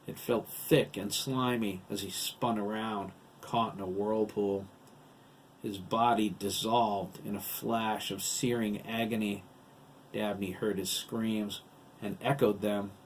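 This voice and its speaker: A man narrating his own novel as an audiobook, in steady, deliberate storytelling. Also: fairly low pitch, slight background noise.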